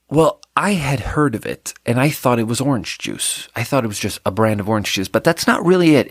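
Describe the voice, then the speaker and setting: A man's voice: mid-range voice, no echo, clean studio sound. Rambling man, casual podcast chat. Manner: rambling, self-deprecating, trails off and restarts. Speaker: podcast host.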